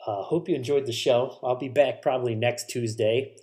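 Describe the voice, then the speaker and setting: A man's voice: medium pitch, fairly even intonation, moderate pace, a little mellow. A man hosting a solo podcast, rambling casually about shows and movies, swearing and correcting himself as he goes. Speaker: podcast host.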